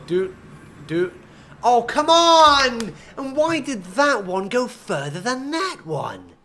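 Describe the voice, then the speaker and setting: Bright-voiced man muttering while gaming. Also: a little high, a little hiss or hum. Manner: mutters to himself, bursts of frustration. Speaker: gaming streamer. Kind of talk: casual gameplay commentary.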